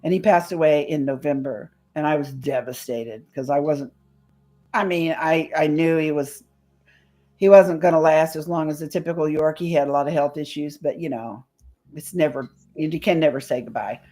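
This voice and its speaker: Chatty woman telling stories, low voice. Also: normal speed, warm tone. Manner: chatty, storytelling, sprinkled with mild swearing. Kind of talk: casual chat. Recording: faint music behind.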